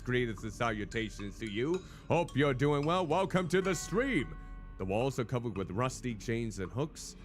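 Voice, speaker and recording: A man's voice: medium pitch, a bit bright. A man streaming a game, reading its text aloud theatrically and making joking asides.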